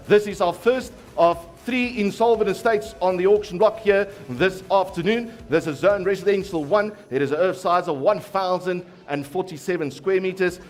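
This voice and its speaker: A man with a South African accent working as an auctioneer, calling bids in a rapid chant and teasing bidders in the room. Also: high voice. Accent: South African English. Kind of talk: live property auction calling.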